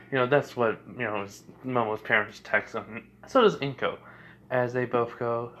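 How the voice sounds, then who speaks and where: A young man narrates fan fiction off the cuff in a mid-pitched voice. He rambles, restarts sentences and leans on fillers as he goes. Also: steady tone, moderate pace, fairly bright tone, highs cut off, slight background noise. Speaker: fan storyteller.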